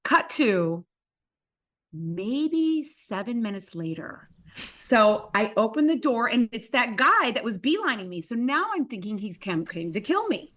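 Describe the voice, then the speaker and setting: A woman's voice: on the high side, sing-song, a little slow, fairly bright tone. A middle-aged woman from Chicago, telling a story dramatically on a talk show, acting out the voices. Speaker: guest. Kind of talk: animated anecdote telling.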